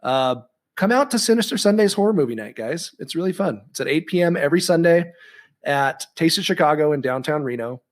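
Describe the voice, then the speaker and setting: A man's voice: fairly high pitch, expressive, fairly quick. A man co-hosting a casual podcast, rambling and chatty with lots of ums and restarts. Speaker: podcast co-host.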